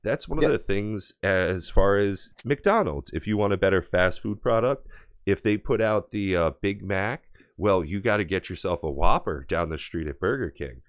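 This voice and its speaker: A man's voice: deep voice, lively intonation, normal speed, dry recording, studio quality. An American man co-hosting a casual podcast from home over a remote call, rambling and enthusiastic, with many fillers. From United States. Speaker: podcast co-host. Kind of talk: casual chat.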